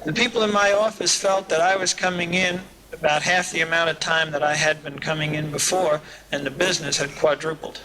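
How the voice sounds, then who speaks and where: A man's voice: fairly high pitch, fairly even intonation, a little fast, few pauses, a crowd in the background, low-quality recording. A man giving a talk at a recovery meeting, telling humorous stories in a folksy way. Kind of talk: storytelling talk to an audience. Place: live talk at a summer event. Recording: hissy old cassette tape.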